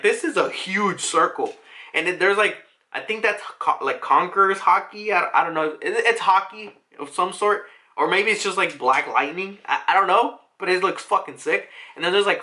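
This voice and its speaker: A man's voice: high voice, bright, forceful tone. A young man casually recapping a manga chapter, rambling with lots of filler words and swearing freely. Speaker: manga reviewer.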